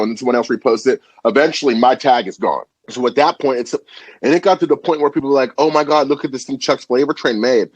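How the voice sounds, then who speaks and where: A young man with a husky voice talks in a loose, animated way, full of slang and the odd curse. He is a podcast guest chatting about making food videos. The sound is dry and close, with no room around it. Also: medium pitch, dry recording, muffled recording. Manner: animated, slangy, swears freely. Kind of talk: casual chat.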